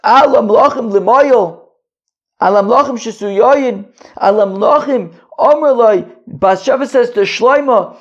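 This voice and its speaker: A man with a hoarse, strained voice leads a relaxed Talmud study session. His voice sits high and crackles with grit. He reads the old text, then explains it line by line in plain talk, and the sound is muffled and lo-fi. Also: a little slow. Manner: reads Hebrew and Aramaic, then translates phrase by phrase in casual talk. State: hoarse, struggling voice. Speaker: Talmud teacher, podcast host. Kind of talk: casual Talmud study podcast. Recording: dull lo-fi recording.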